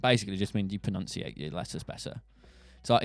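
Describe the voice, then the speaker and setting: A young Englishman with a Southern English accent from Buckinghamshire streams a casual monologue, joking and rambling as he goes. His voice is low-pitched, gravelly and expressive, and he talks at a quick pace. The recording is dry.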